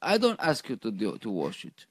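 A man co-hosting a radio chat, speaking haltingly with many repeated words before pressing his point. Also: lowish voice, wildly swooping pitch, no room sound. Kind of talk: casual chat.

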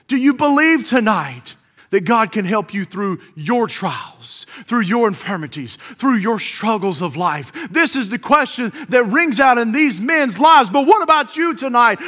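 A man preaching a sermon, swinging between loud, ringing cries and hushed, quiet questions. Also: extremely high pitch, lively intonation, unhurried.

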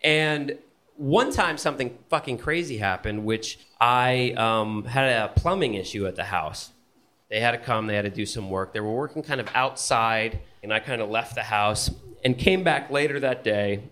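A man telling a personal story on stage at a live event, animated and profane, often laughing as he talks. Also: mid-range voice.

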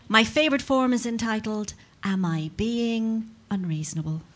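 Woman comic doing a stand-up set on stage, sarcastic, ranty, faint hiss behind. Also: medium pitch. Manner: sardonic, mock-outraged, builds to ranting. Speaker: stand-up comedian.

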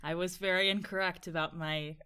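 A woman's voice: fairly low pitch, steady tone, fairly quick, bright, forceful tone, clean tone. Chatty woman podcast co-host. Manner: chatty and self-mocking, laughs mid-sentence. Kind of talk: casual chat.

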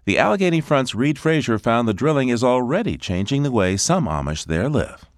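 A man hosting a radio show, reading a scripted introduction with lively, sweeping intonation. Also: medium pitch, fairly quick, no echo, studio quality.

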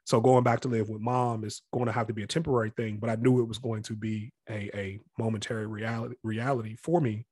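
A man's voice: lowish voice, little pitch movement, fast talker, few pauses, a little mellow, husky, no echo, studio quality. A man who grew up near Washington, D.C., speaking as an interview guest and telling his story in a candid, reflective way. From Capitol Heights area near Washington, D.C. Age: adult past college age. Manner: reflective and candid, often acts out other people's voices.

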